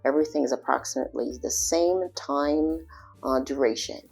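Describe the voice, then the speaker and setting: A woman teaching a language lesson, slowly demonstrating pronunciation. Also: extremely low pitch, creaky, a little mellow, breathy edge, faint music behind. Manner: slow, deliberate demonstration of pronunciation. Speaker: French teacher.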